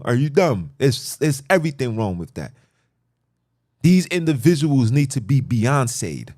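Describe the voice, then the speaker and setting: A man's voice: medium pitch, big pitch swings, a little slow, a little mellow. A middle-aged man hosting a podcast, delivering an emphatic, repetitive, lecturing monologue. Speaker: podcast host. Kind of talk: preachy monologue.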